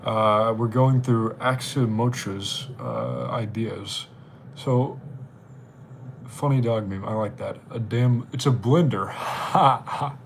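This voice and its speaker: A man's voice: on the low side, slow, creaky, a little hiss or hum. Chatty man hosting a livestream. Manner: rambling, chatty. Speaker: livestream host. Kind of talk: casual live-stream chat.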